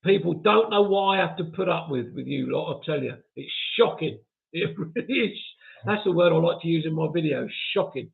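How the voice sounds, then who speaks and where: Gravelly man chatting over tinny audio. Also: on the high side, expressive, normal speed. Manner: chatty, chuckles often, self-mocking. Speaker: live stream host. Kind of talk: casual chat reading viewer comments.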